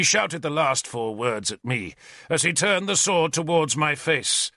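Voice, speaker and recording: A man's voice: on the high side, lively intonation, unhurried, sharp tone, no echo, clean studio sound. A man narrating a historical novel in the first person with dramatic storytelling. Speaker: audiobook narrator.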